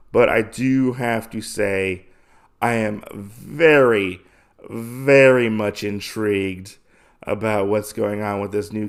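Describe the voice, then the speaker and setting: A man hosting a podcast, casually recapping a comic issue with enthusiasm and lots of filler words. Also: on the low side. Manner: enthusiastic, rambling with many fillers. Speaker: podcast host.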